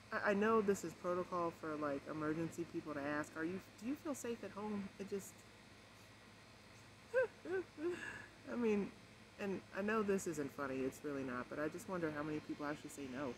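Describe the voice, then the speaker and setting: Woman vlogger, stressed and emotional, soft rambling talk, steady hiss behind her. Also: deep voice. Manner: rambling, many fillers, kept deliberately quiet. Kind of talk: casual rambling vlog chat. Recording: noisy home recording.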